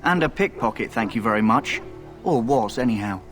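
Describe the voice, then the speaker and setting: A man's voice: fairly low pitch, lively intonation, normal speed, fairly bright tone, soft background music. An actor voicing a cocky young male thief in video game dialogue, talking in a wry, breezy, self-mocking way.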